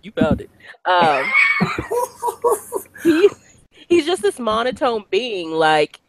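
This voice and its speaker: A woman talking casually on a podcast, expressive and amused. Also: fairly high pitch, takes it slowly, shouting, background noise. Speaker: podcast co-host. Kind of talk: casual chat.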